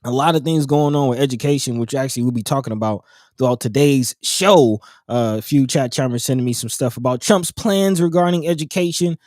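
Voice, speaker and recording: Give me a relaxed man co-hosting a community news chat, rambling with fillers, recorded dry and close. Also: mid-range voice, brisk, no echo. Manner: relaxed and rambling, many fillers and soft laughs. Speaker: co-host of a community talk show.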